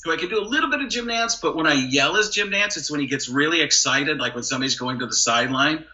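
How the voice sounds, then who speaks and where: Bright-voiced man, lo-fi podcast audio. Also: on the high side, fast. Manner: animated, jumps into brief celebrity impressions. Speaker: comedian and impressionist guest. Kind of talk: casual podcast chat with quick impression demos.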